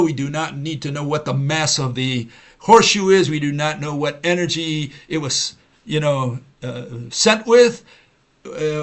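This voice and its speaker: A man's voice: fairly high pitch, fairly bright tone. A man hosting a livestream, lecturing in a rambling, argumentative way, full of "you know" and "uh," and mocking his opponents by quoting them. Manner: argumentative, repetitive, with frequent "you know" and "uh" fillers; mocking, mimics opponents in quoted voices. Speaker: host of a science-skeptic livestream.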